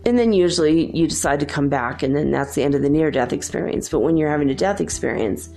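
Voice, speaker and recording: Low-voiced woman telling a reassuring spiritual story. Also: lively intonation, fast, vocal fry, dark tone, soft background music. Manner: earnest and reassuring, many fillers like "like" and "you know". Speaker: podcast host.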